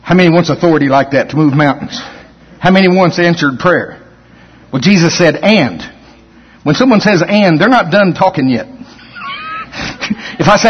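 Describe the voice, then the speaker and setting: A man's fairly high, slightly rough voice moves at normal speed with frequent pauses as he preaches in a church hall. He tells animated stories, acts out the quotes, and laughs a lot, all on a muffled recording.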